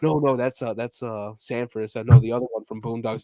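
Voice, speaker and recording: A man co-hosting a podcast, telling crude jokes and stories in a loose, animated way, laughing often. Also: mid-range voice, a little fast, few pauses, dry recording. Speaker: podcast co-host. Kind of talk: casual chat.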